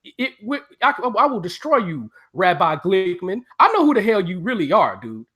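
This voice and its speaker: A man's voice: high voice, sing-song, normal speed, a bit bright. A man on a casual live stream, ranting profanely and taunting a viewer.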